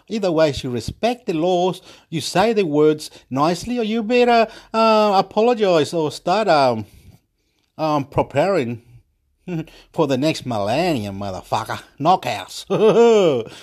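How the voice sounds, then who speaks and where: Profane ranting man, raised pitch. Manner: aggressive, profane, repetitive ranting; breaks into laughter. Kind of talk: rambling monologue.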